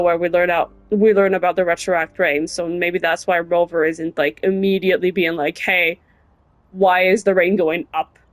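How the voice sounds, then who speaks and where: A woman's voice: mid-range voice, dry recording. A young woman casually chatting and muttering to herself while playing a game, now and then swearing. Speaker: gaming streamer. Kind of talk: casual gameplay commentary.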